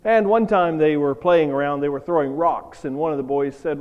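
A man's voice: on the high side, normal speed, few pauses, dull audio. A man preaching a sermon in a conversational, storytelling way with emphatic points. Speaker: pastor. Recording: long reverb of a hall.

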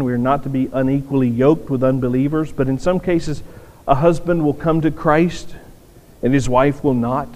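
In a church sanctuary with a large hall's long reverb, a pastor of medium pitch and darkish tone delivers his sermon earnestly. He repeats words often for emphasis.

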